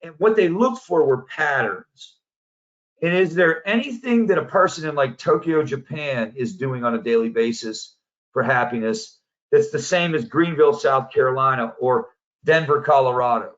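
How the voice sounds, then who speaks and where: A man's voice: mid-range voice, moderate pace, a bit bright. A man in a mid-range voice tells a story casually and with energy, as a coach presenting to a group. The audio is dull and lo-fi, as if from a remote talk. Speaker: positive psychology coach, presenter.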